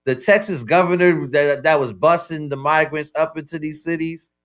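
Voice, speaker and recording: A man's voice: fairly high pitch, normal speed, a bit bright. A man co-hosting a talk radio show, stumbling over repeated words and often saying "you know what I'm saying" in a loose debate.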